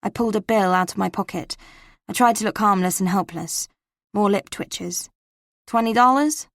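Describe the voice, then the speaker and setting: A woman narrating a cozy mystery audiobook in the first person, in a measured, wry manner. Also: mid-range voice, fairly even intonation, no echo, studio quality.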